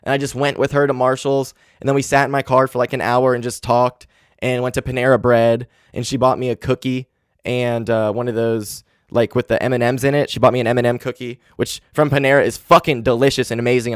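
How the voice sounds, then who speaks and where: Alone at a handheld podcast mic, a man in his twenties speaks fast in a flat, medium-pitched voice that sounds dry and close with no echo. Candid and heavy with grief, he swears often and leans on "like" and "um" through this casual solo monologue.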